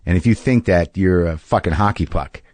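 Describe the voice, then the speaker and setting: A man's voice: low voice, moderate pace, a little mellow, dry recording. Rambling, swearing middle-aged man. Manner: rambling, repeats words, swears freely. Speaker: podcast host. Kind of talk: casual monologue. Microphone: studio mic in a home garage.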